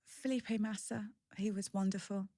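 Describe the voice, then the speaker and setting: A woman's voice: medium pitch, fairly even intonation, moderate pace, mellow, no echo, clean studio sound. A woman in her forties speaking as an interview guest, frank, chatty and self-deprecating. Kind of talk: candid conversational storytelling.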